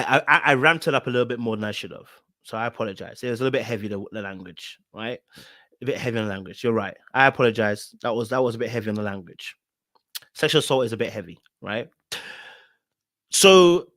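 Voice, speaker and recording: A man's voice: mid-range voice, a bit bright, dry recording, clean studio sound. A man hosting a reaction show, commenting on a reality show in a blunt, emphatic way and repeating his points to drive them home.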